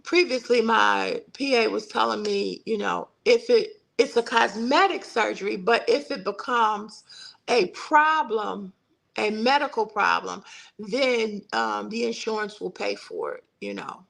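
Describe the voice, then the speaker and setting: A woman's voice: medium pitch, unhurried, gravelly, a bit bright, poor audio. A middle-aged woman hosting a casual livestream, chatting in a folksy way and answering viewer comments. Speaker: livestream host. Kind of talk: casual live-stream chat.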